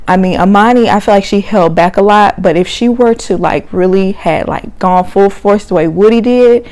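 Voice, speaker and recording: A woman hosting her own vlog, recapping a reality show in a casual, gossipy, expressive way, laughing often and using slang. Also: mid-range voice, moderate pace, hardly any pauses. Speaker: reality TV reviewer, channel host. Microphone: camera mic.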